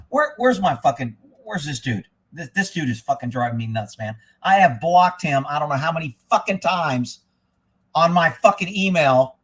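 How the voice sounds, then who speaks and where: A man hosting a live stream, ranting angrily with constant swearing, dropping to a mutter and then rising to shouts. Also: a little high, lively intonation, normal speed.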